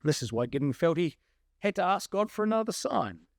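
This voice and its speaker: Guy preaching a sermon, really lively up and down voice, dry sound. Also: high-pitched, a little fast, gravelly, dry recording. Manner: animated, emphatic, acts out quoted lines.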